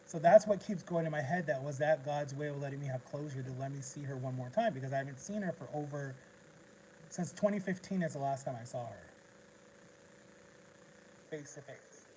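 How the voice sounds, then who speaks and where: A man's voice: fairly high pitch, brisk, darkish tone, slight background noise, poor audio. A man vlogging in a casual livestream, rambling through an emotional story with lots of restarts.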